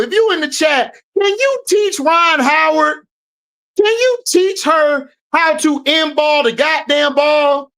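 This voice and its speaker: A woman hosting a sports talk show who tears into players with profane, animated commentary. Her voice sits high and swings widely in pitch, and she takes her time as she talks. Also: rough recording. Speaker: sports podcast host.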